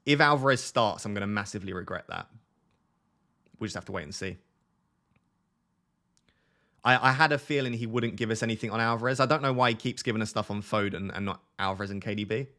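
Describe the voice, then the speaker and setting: An excitable man talking through a live stream in a fairly low voice. He trips over his words and restarts sentences as he clicks along. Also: fast, long pauses.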